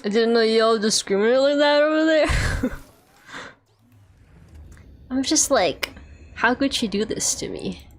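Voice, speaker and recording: A woman's voice: on the high side, lively intonation, unhurried, pauses often. A young woman from Russia streaming a game, talking casually and chattily with lots of fillers and frequent laughter. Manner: chatty, rambling, filler-heavy, laughs often. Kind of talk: casual gameplay chat.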